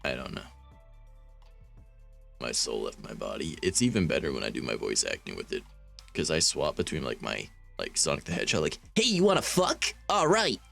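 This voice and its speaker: Very deep, gravelly streamer. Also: male voice, big pitch swings, a little fast, long pauses, fairly bright tone, soft background music. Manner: rambling, wry and self-mocking. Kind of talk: casual stream chat, reading fanfiction aloud.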